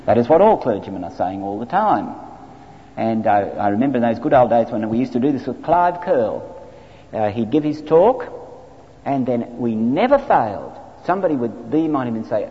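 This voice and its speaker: A man from Australia, a clergyman, giving an animated, wry, anecdotal training talk to a group. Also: medium pitch, moderate pace. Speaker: clergyman teaching evangelism training. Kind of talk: lecture-style talk to a group. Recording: dull lo-fi recording in a reverberant hall.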